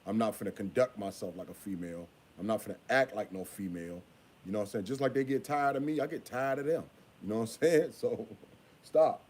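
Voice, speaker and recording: A father talking casually in a vlog, repeating himself and scolding in a drawn-out way. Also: lowish voice, darkish tone.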